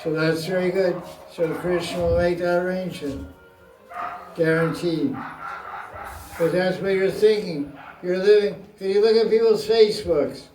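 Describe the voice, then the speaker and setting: Slow, playful man lecturing in an echoey room. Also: high voice, a little mellow, soft background music. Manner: playful, joking, often laughing. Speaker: spiritual teacher. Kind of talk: scripture class talk. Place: room with an audience. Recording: roomy, mic far off.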